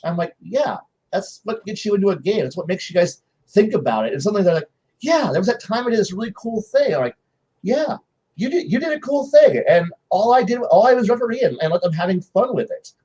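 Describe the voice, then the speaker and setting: A man with a high voice sits on a panel swapping tabletop game anecdotes. He talks in loose casual chat, full of restarts and little acted-out quotes from his players. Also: lively intonation, fast talker, dark tone, breathy edge.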